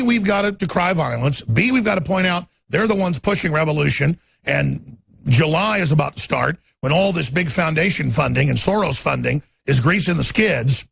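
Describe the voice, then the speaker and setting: Man, talk radio host, fiery rant, raspy, dry studio sound. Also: on the high side, fairly bright tone, dry recording. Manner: ranting, mocks opponents in put-on voices.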